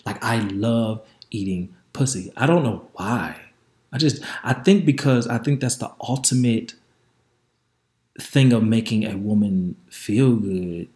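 A man's voice: on the low side, animated, measured pace, darkish tone, echoey room. A man hosting a podcast, telling a candid story in a chatty way and speaking straight to his listeners. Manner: frank, chatty, addresses listeners directly. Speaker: podcast host.

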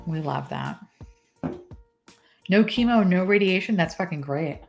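A woman's voice: fairly low pitch, expressive, measured pace, vocal fry, a little mellow, soft background music. Profane, laughing woman streaming. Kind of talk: casual live-stream chat.

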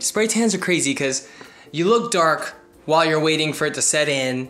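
A man's voice: fairly high pitch, animated, normal speed, fairly bright tone. A young man vlogging casually to a handheld phone camera at home, playful and chatty. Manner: playful, chatty, laughs often. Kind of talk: casual vlog talk to camera. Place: indoors at home. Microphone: phone camera held by hand.

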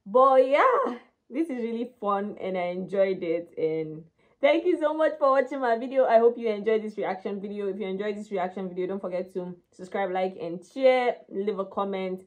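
A woman from Nigeria with a Nigerian accent, hosting a casual, chatty reaction video in an excitable way. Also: mid-range voice, normal speed. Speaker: YouTube reaction host.

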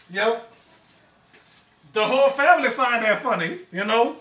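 A man hosts a casual cooking live stream from his home kitchen, stammering and chatting with viewers. His voice is high and bright. He is a bit away from the mic in an echoey room. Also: lively intonation, takes it slowly, long pauses, distant mic. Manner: stammering, repeats words, addresses viewers as y'all. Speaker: cooking show host.

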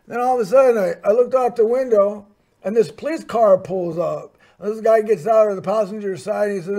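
A man's voice: high voice, fairly quick, dark tone. A man hosting a show, telling a personal story in a rambling way, full of fillers and restarts. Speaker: host.

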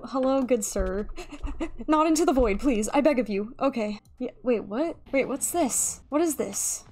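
A woman's voice: high-pitched, darkish tone. A young woman giving playful, theatrical live gameplay commentary, pleading with other players as she goes. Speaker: gaming YouTuber. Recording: faint keyboard clicking behind. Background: keyboard typing and clicks.

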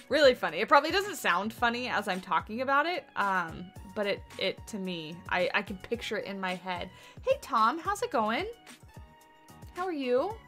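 A woman's voice: on the high side, big pitch swings, normal speed, pushed and bright, soft background music. A tired woman chatting casually and thinking aloud as she builds during a game livestream, greeting viewers by name. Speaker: game streamer. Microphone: desk mic on boom arm.

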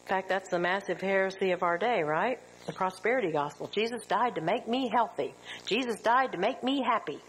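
A middle-aged woman teaching a women's Bible study, lively and full of rhetorical questions, sometimes acting out quotes. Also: medium pitch, fairly quick, slight background noise, poor audio.

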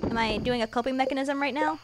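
A young woman streaming a video game live, rambling and joking at herself, swinging from mumbled asides to loud excited bursts. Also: high voice, quick pace, heavy background noise. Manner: rambling, self-mocking, jumps between mumbling and loud excitement. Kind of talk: live gameplay stream chatter.

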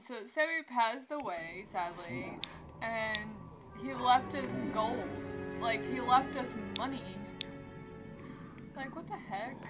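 A young woman talks through her gameplay in a loose, chatty way, often breaking into exclamations. Her voice sits a little high, and she takes her time with the words. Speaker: gameplay commentator. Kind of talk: casual let's-play commentary.

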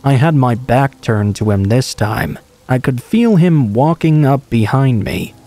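A man narrates true horror stories in a calm, even reading voice. His tone is dark and mellow, sitting at an ordinary middle pitch. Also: unhurried, slight background noise.

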